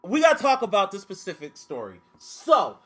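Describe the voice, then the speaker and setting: A man hosting a podcast in casual chat, telling stories in an animated, profane way. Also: high-pitched, normal speed. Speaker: podcast host.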